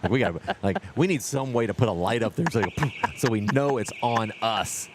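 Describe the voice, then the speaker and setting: A man's voice: on the low side, fairly quick, background noise. A man co-hosting a live stream at an archery competition, joking and explaining the equipment, often repeating himself. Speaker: co-host of an event live stream. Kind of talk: casual chat and event commentary.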